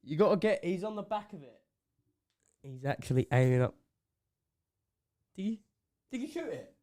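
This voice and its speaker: Young guy, excitable, laughing through the commentary, high bouncy voice. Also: normal speed, dry recording, studio quality. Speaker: podcast co-host. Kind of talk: casual chat. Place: small home studio room. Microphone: desk mic.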